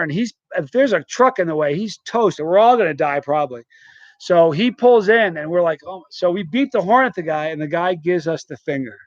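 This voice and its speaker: A man hosting a live stream, telling a story in a lively, laughing, casual way. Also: high voice, dry recording, muffled recording. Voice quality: animated, quick to laugh. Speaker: host.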